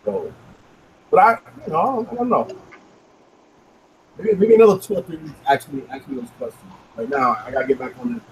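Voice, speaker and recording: A man's voice: fairly high pitch, animated, brisk, long pauses, a little hiss or hum, rough recording. A man on a collectors' panel, rambling and hesitant. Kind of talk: casual chat.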